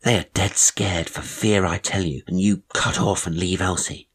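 A man's voice: low-pitched, fairly even intonation, moderate pace, breathy edge. A man voicing a half-shy, sly teenage boy who confides hints in slangy, polite talk. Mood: confiding.

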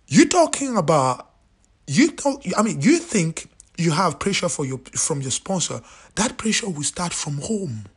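A man's voice: on the high side, big pitch swings, a little slow, long pauses, slightly rough. A man in his late thirties hosting his own show, giving an emphatic, opinionated commentary monologue, repeating his points and sometimes dropping to a near-whisper. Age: 30s. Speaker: show host.

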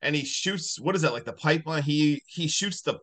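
A man hosting a podcast, casually recapping a movie in a rambling, animated way full of "like". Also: on the high side, brisk. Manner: rambling, animated retelling with many likes. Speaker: podcast host.

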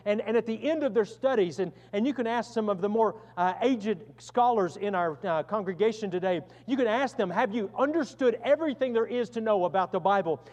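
A man preaching a sermon as pastor, earnest, swinging from loud emphasis to hushed tones. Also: high-pitched, in a large hall, highs cut off.

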